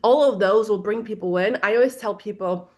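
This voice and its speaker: A woman's voice: medium pitch, fairly quick, a little mellow. A woman giving an online social media training over a video call, talking in a casual, chatty way with plenty of filler words.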